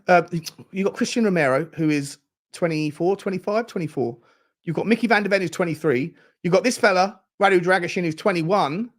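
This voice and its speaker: A man hosting a live football fan watchalong, chatting casually, reading out viewer comments and putting questions to his audience. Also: a little high. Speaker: football fan channel host.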